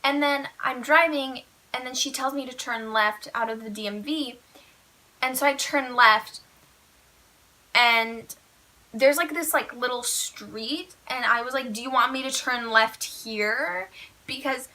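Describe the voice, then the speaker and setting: A teenage girl spills a storytime to her viewers in a chatty, animated rush, with "like" in nearly every phrase. Her voice sits high and sounds bright and sharp. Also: unhurried. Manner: chatty, fillers of "like", animated retelling. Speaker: vlogger. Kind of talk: casual storytime vlog.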